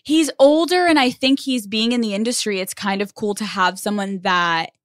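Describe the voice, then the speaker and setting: A woman's voice: medium pitch, normal speed, no echo, clean studio sound. A young woman, a podcast guest, telling a story in casual talk and acting out the voices of the people in it. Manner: animated, acts out voices in her stories.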